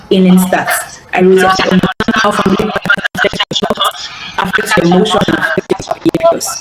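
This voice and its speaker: A woman giving an earnest, repetitive live coaching talk over call audio. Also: lowish voice. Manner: earnest, repeats phrases, stammers on restarts. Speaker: healing coach. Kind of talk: live online teaching talk. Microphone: online call audio. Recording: echoey, noisy call audio.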